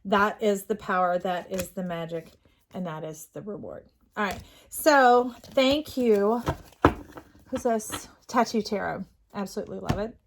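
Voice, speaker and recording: A woman's voice: medium pitch, measured pace, slight background noise. A middle-aged woman doing a casual tarot reading, earnest and rambling, with restarts and fillers. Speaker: tarot reader.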